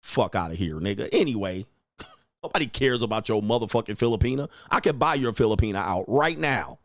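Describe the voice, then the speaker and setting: A man's voice: on the low side, expressive, brisk, no echo, clean studio sound. A young man hosting a livestream, ranting at his chat in a profane, mocking, confrontational way and laughing often. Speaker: streamer host. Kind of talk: livestream rant reading chat.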